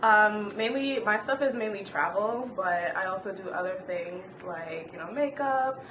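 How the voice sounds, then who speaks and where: A woman chatting as a guest, animated and giggly, a little unsure of herself. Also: medium pitch, unhurried. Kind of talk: casual chat. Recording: echoey room, faint noise.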